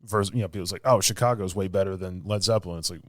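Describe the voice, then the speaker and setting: Low-voiced podcast host, dry sound. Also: male voice, quick pace, dry recording. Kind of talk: casual interview chat.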